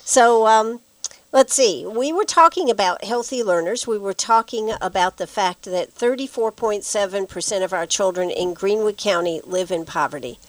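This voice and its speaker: A woman's voice: medium pitch, normal speed, no room sound. A woman hosting a radio talk show, chatty and folksy.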